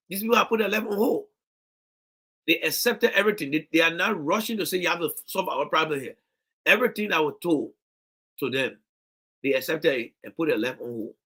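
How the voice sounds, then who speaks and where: Husky Liberian man, impassioned commentary. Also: a little high, bright, forceful tone. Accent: Liberian English. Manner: impassioned, repetitive restarts. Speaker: political commentator. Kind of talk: video commentary.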